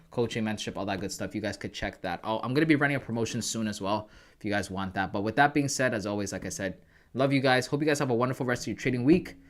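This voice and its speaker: A man from Canada hosting a trading livestream, chatting casually and calling viewers "bro" and "guys". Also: medium pitch.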